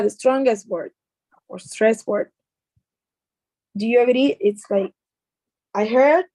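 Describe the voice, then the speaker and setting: A woman's voice: on the high side, a little mellow, no room sound, low-quality recording. A woman with a Mexican Spanish accent teaching an English class, explaining patiently with repeated words and fillers.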